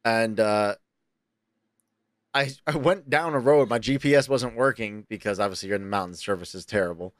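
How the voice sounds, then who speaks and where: A man from New York co-hosting a podcast, telling stories in a loose, animated, profane way and jumping into high excited voices when he quotes himself. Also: normal speed, no echo, studio quality. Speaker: podcast co-host. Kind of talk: casual chat, storytelling.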